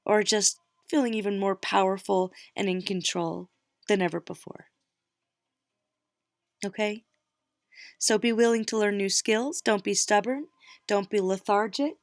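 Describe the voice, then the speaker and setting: A woman's voice: medium pitch, steady tone, measured pace, long pauses, no room sound, clean studio sound. A middle-aged woman reading tarot cards, talking casually and encouragingly straight to her viewers. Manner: warm encouraging pep talk, direct address. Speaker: tarot reader.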